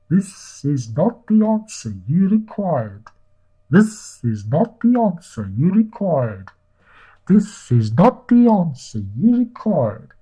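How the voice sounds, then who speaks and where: A man voicing an unhelpful automated answering machine that repeats itself in a slow recorded-message delivery. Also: high-pitched, warm tone, slightly rough, voice pushed up, exaggerated voice, rough recording.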